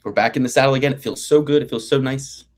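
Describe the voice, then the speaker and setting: A man's voice: mid-range voice, steady tone, fast. A man in his thirties hosting a betting picks show, talking in a rambling, profane, playfully grandiose way. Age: 30s. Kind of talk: casual podcast banter.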